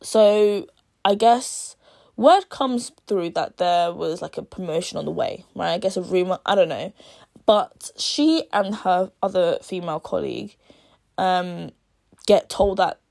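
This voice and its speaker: A woman's voice: on the low side, unhurried, creaky, a little mellow. A young woman in a casual video, chattily retelling a novel's plot and acting out the characters' lines as she goes. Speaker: book reviewer.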